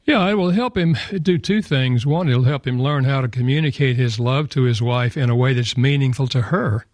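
A man's voice: mid-range voice, moderate pace, no room sound. A man guest on a radio interview, earnestly explaining his ideas point by point. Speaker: author and guest.

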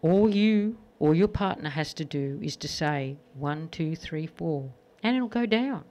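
A radio host voicing a mysterious male witch doctor in a told joke, speaking low and portentous. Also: lively intonation, a little slow, a little mellow, muffled recording, lightly acted. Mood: solemn.

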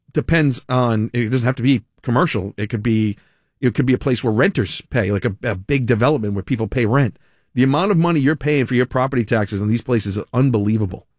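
A man with a medium-pitched voice hosts a talk radio show, delivering a sarcastic, mocking monologue and laughing often. The studio-quality recording has no room sound.

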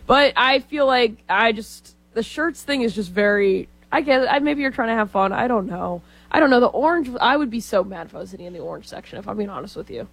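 A woman's voice: a little high, lively intonation, brisk, gravelly, hardly any pauses, a bit bright, no echo, rough recording. A woman in her twenties from Texas, co-hosting a casual sports talk show and rambling with lots of fillers.

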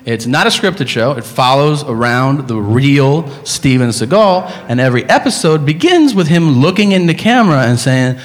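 A man's voice: medium pitch, sing-song, moderate pace, few pauses, in a large hall. A male stand-up comedian ranting in an incredulous, profane way.

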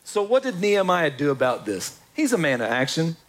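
A man preaching a sermon in an animated, conversational way, with quick asides to the congregation. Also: fairly high pitch. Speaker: pastor.

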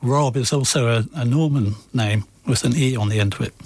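Male author guest from England, measured storyteller, dry close mic. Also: mid-range voice, a little mellow, dry recording. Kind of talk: radio interview.

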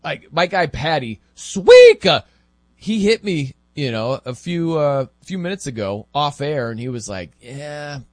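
Animated man hosting sports talk. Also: a little high, unhurried, no room sound. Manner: animated, chatty, laughing asides.

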